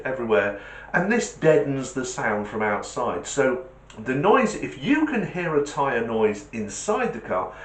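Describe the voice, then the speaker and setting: A man's voice: mid-range voice, fairly bright tone, echoey room. A man hosting a casual explainer video, chatty and joking, with rambling asides. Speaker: host.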